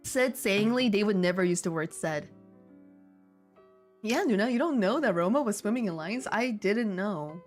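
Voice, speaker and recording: A woman's voice: medium pitch, expressive, normal speed, faint music behind. A woman reading fanfiction aloud with sarcastic, laughing commentary.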